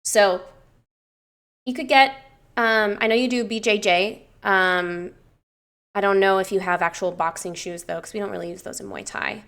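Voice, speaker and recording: A young woman personal trainer casually reviewing clients' lifting technique, chatty and given to swearing and gushing excitement. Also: medium pitch, normal speed.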